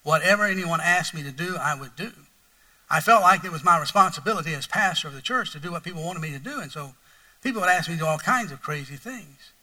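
A middle-aged man preaching with a notably high, very bright voice, the pastor spins a folksy story full of repetition. He flares into mock outrage now and then. The voice is picked up from some distance. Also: animated, quick pace. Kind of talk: sermon storytelling.

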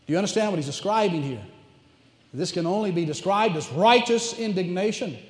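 A man with an East Tennessee accent preaching a sermon, animated and emphatic, asking the congregation questions. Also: sits high, brisk. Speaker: pastor. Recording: echoey church hall reverb.

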